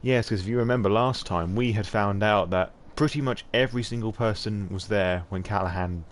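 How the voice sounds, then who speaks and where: A man's voice: on the low side, brisk, a little hiss or hum. A man hosting a live stream, chatting casually, swearing freely and laughing often.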